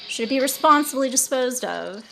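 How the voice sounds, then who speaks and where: A woman's voice: sits high, animated, brisk, gravelly, fairly bright tone, a little hiss or hum, exaggerated voice. A woman reading out the lines of an angry male mafia boss in a casual paraphrasing way. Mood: threatening.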